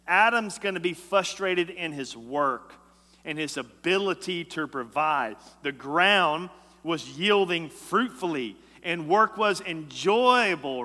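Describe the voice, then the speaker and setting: A male pastor delivers a sermon with emphatic force, dropping to a hush and rising again. His voice is bright and sits a little high. The sound trails off into a long hall reverb. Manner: emphatic preacher, swings from loud to hushed. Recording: echoey hall.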